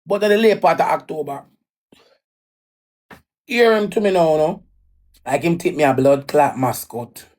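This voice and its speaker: Woman with a Jamaican accent venting on a livestream; raw, repetitive, a touch low-voiced. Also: measured pace, long pauses, darkish tone. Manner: raw, emphatic, repeats lines. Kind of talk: emotional personal story, ranting.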